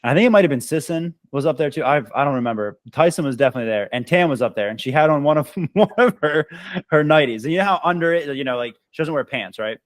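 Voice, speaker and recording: A man's voice: a little high, expressive, fast talker, no echo. A man in a casual chat telling a card-game story, laid-back, laughing often and calling friends "dude". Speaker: podcast co-host.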